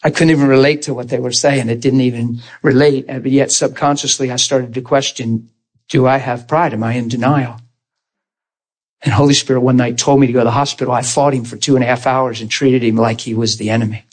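Speaking briskly at medium pitch, a middle-aged preacher shares his testimony in a sermon. He tells the story with lots of animation, voicing the characters himself and laughing frequently.

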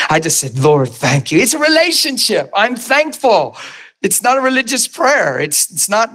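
Guy preaching, animated and laughy, voice a bit on the high side, keeps jumping way up for quotes. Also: normal speed. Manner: animated, laughing storyteller with big pitch swings. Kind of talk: sermon.

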